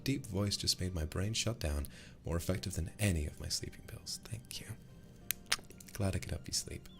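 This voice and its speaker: Playful man, low voice. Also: brisk, creaky. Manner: playful, flirty, teasing. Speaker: streamer. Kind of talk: casual livestream chat, thanking donors.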